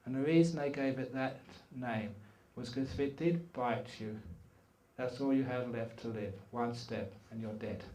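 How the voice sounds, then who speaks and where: A middle-aged man giving a dharma talk at a meditation retreat, telling animated and humorous stories. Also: mid-range voice, measured pace. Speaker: meditation teacher. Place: retreat hall. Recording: echoey hall, from far off.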